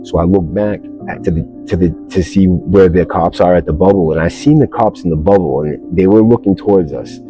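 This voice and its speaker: A man's voice: sits low, brisk, few pauses, dark tone, soft background music, rough recording. A man hosting a podcast, telling a story casually in blunt street slang and calling the listener bro. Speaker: podcast host.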